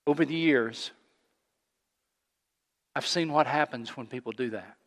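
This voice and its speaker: A man preaching a sermon as a pastor, earnest, rising to loud call-and-response with his congregation. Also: mid-range voice, unhurried, big-room sound. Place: church sanctuary.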